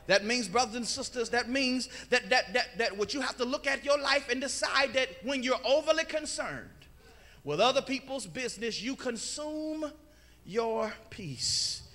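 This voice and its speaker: High, bright-voiced preacher. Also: male voice. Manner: preaching with call-and-response, sung phrases and shouts. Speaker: pastor. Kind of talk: sermon. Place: church sanctuary.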